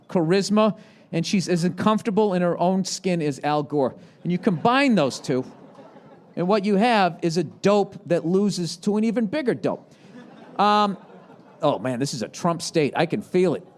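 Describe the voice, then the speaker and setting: A man doing live stand-up, ranting sarcastically and profanely, with shouted bursts, on a handheld mic before a big crowd. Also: high voice, slight background noise. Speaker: stand-up comedian. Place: large live venue with audience. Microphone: handheld microphone.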